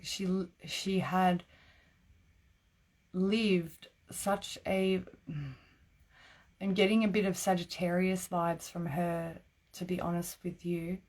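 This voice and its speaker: A woman with a somewhat low voice talks through psychic readings on a live stream. She keeps it casual and chatty, laughing often and peppering her sentences with "like". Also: darkish tone. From Australia. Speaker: psychic reader.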